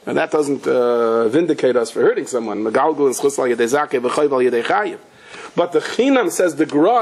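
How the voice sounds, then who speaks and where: Rabbi storytelling through a Torah class. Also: male voice, animated, brisk, slightly rough, poor audio. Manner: conversational storyteller, rises in pitch when driving a point home; drops Hebrew and Yiddish terms into English talk. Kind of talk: Torah lecture told through stories.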